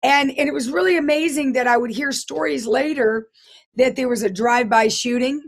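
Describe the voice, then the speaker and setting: A hoarse middle-aged woman, a guest telling her life story in an interview in an earnest, halting way with frequent restarts. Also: high voice. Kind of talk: personal testimony interview.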